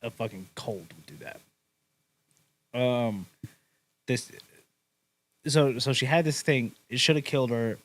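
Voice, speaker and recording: A young man recounts a ghost story on a casual podcast. His delivery is relaxed and crude, full of swearing and "uh" and "like" fillers. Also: medium pitch, takes it slowly, long pauses, dry recording, low-quality recording. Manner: laid-back, swears a lot, hedges with "uh" and "like".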